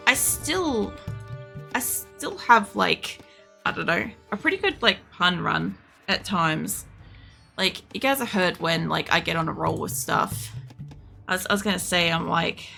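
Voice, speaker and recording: Gravelly-voiced woman streamer, rambling chat. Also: medium pitch. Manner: rambling, chatty, swears freely; yells excitedly at the game. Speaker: video game streamer. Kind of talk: casual live-stream chatter while gaming. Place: home room with air conditioning.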